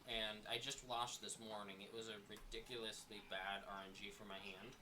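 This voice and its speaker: A man running a tabletop role-playing game, chatting casually and then narrating the story with frequent ums and pauses. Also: on the low side, flat delivery, noisy background. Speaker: game master.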